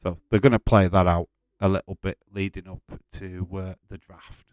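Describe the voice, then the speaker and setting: A man's voice: low voice, steady tone, moderate pace, a little mellow, dry recording. A man hosting a casual live watch-along stream, chatting loosely with frequent swearing and rambling restarts. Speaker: livestream host.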